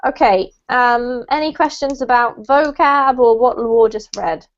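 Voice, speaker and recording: A woman's voice: a little high, a little slow. A woman teacher leading an online English lesson, praising students and explaining pronunciation step by step. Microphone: video call. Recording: dull lo-fi video call audio.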